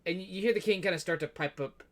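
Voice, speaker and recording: A man's voice: high-pitched, fast, fairly bright tone. A man narrating as game master in a tabletop game, talking casually with many restarts.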